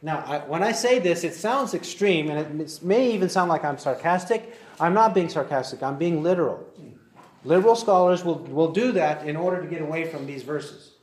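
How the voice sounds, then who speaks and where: A man teaching verse by verse through a Bible passage, reading verses slowly and deliberately. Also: fairly high pitch, darkish tone. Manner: deliberate, slows to read verses aloud. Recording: roomy echoey recording.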